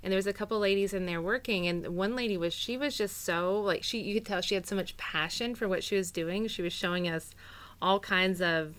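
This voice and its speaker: A woman's voice: medium pitch, brisk, a bit bright. A woman co-hosting a podcast, asking questions in a friendly casual way. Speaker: podcast co-host. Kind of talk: casual interviewing.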